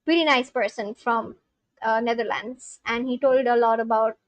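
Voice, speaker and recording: Her voice sits on the high side, with fairly even intonation and a moderate pace, and there's no room sound. She's a young woman streaming live, replying to chat in a relaxed, filler-packed way, alternately scolding and reassuring her viewers.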